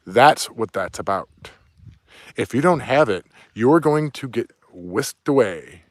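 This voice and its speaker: A man's voice: mid-range voice, expressive, slow pace, no room sound, clean studio sound. A man delivering an angry, profane, preachy rant outdoors. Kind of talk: ranting monologue. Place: outdoors near woods, with dog.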